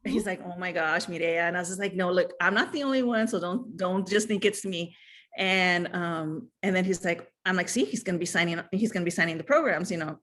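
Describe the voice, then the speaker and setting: A woman telling a personal story in casual chat, animated, acting out what others said, with many fillers. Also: on the low side, brisk. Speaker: guest.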